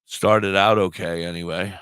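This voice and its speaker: Deep-voiced man with a sore throat on a talk radio show, telling a story with swearing and acted-out dialogue. Clear, dry sound. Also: moderate pace, no echo. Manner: animated, acts out quoted dialogue, swears freely. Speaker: puppeteer and live streamer.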